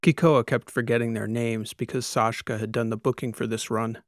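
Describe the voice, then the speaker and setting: A man narrating a science fiction audiobook in a steady, storytelling manner. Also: medium pitch, normal speed, no echo, studio quality. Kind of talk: scripted narration.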